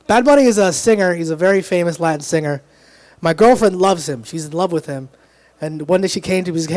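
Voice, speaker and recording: A young man works the room at an open mic in a small club, speaking into a handheld stage mic. His voice sits high for a man, and he ribs the crowd and himself as he goes. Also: fast talker, darkish tone. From Dominican heritage, grew up in Texas area. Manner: self-deprecating, crowd-teasing punchlines. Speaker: stand-up comedian. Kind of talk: open mic stand-up comedy. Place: small live music club.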